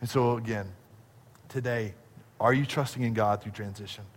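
A man's voice: medium pitch, fairly even intonation, moderate pace, big-room sound. A male pastor preaching a sermon, swelling and dropping for emphasis and repeating phrases.

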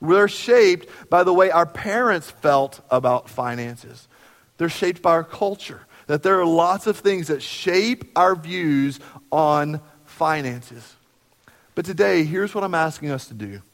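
A male pastor gives a sermon in a conversational style, often slipping into playful acted-out dialogue. His voice sits a little high for a man. The church sanctuary adds a long, ringing reverb. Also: slow pace. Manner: conversational, acts out everyday dialogue with lively jumps in pitch.

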